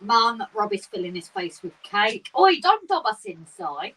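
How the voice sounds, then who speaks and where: A woman co-hosting a casual livestream from a garden shed, talking excitedly and laughing often. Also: medium pitch, measured pace, breathy edge. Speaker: livestream co-host. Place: garden shed with model railway. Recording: slightly distant mic with faint room noise.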